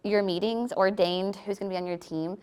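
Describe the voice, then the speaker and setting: A woman's voice: mid-range voice, steady tone, a little fast, clean tone. A woman sharing a Bible verse in casual testimony, chatty and laughing now and then. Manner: warm, chatty, laughs between thoughts.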